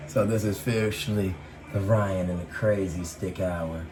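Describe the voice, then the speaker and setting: A man's voice: low voice, fairly even intonation, moderate pace. A young man chatting casually and joking while he eats on a vlog, with loose, laid-back talk and free swearing. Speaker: vlogger. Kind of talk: casual eating vlog chat. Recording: echoey room, faint background noise.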